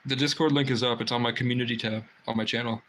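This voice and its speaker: A man's voice: mid-range voice, steady tone, quick pace, a bit bright, a little hiss or hum, low-quality recording. A man hosting a casual livestream from a private room indoors, rambling and swearing freely as he chats. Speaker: livestream host.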